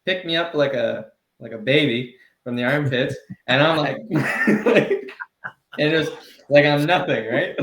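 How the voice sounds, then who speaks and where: A man co-hosting a comedy podcast, telling heated, animated stories in casual chat. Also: fairly high pitch, unhurried, echoey room. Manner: heated, animated storytelling with laughs. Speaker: podcast co-host.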